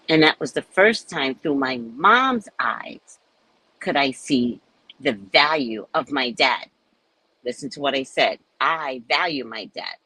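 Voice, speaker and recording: A woman's voice: low voice, no room sound, low-quality recording. A woman reading a spiritual book aloud and breaking off into candid, laughing commentary. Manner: animated, laughing, candid asides. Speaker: spiritual reader and speaker.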